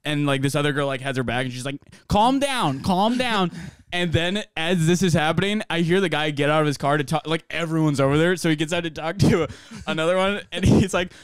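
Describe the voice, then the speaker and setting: A man telling a chaotic story in casual podcast chat, rambling and laughing, shouting out the quoted lines. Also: on the high side, fast, smooth, dry recording, clean studio sound.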